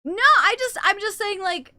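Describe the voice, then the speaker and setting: A woman's voice: very high voice, lively intonation, moderate pace, bright, forceful tone, no room sound, studio quality. A woman livestreamer chatting casually and playfully with her viewers, reading chat aloud and swearing now and then.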